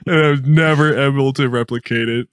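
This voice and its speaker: A man co-hosting a podcast in casual chat, laid-back and quick to chuckle. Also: mid-range voice, steady tone, clear, resonant tone, no echo, clean studio sound. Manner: laid-back, chuckles often, acts out quotes. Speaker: podcast co-host.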